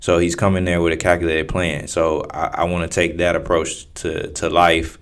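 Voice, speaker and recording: A man's voice: deep voice, completely flat delivery, normal speed. A man co-hosting a casual podcast, talking in a laid-back, rambling way with lots of fillers. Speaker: podcast co-host.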